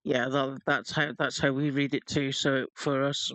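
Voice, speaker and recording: A man co-hosting a casual gaming livestream, jokey, reading announcements aloud at a steady pace. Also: medium pitch, unhurried, no echo, rough recording. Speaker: livestream co-host.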